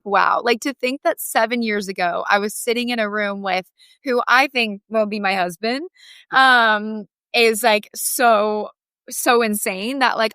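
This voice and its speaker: A young woman guest on a podcast, telling a personal story in a heartfelt, animated way with lots of "like". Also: mid-range voice, clear, resonant tone, dry recording.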